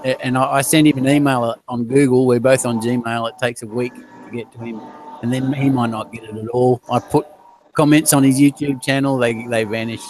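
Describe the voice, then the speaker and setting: A man's voice: medium pitch, fairly even intonation, normal speed, darkish tone, poor audio. Easygoing Australian man, faint hiss. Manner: easygoing, agreeable, laughs often. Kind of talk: casual chat. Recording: faint background noise.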